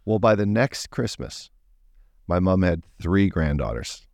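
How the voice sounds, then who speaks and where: A man from Canada in his forties, a former hockey player co-hosting a podcast, telling stories in a relaxed, rambling way. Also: sits low, measured pace, dry recording, studio quality. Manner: relaxed, rambling, lots of "you know" fillers. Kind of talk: casual storytelling chat.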